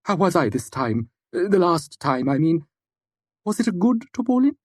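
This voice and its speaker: A man's voice: high-pitched, big pitch swings, moderate pace, darkish tone, no echo, studio quality, pitched above the performer's own voice. A man voicing an odd, childlike archive dweller who talks in a distracted, theatrical way. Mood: distracted, whimsical.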